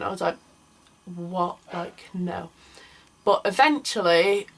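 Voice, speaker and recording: A woman's voice: lowish voice, low-quality recording. Chatty young woman. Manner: chatty, lots of "like", acts out quoted people. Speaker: vlogger. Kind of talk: casual storytelling to camera.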